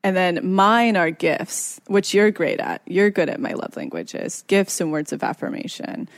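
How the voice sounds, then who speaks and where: Young woman co-host, gravelly fry, dry close sound, candid and self-deprecating. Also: fairly low pitch, unhurried, no echo. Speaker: podcast co-host. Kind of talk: casual couple chat.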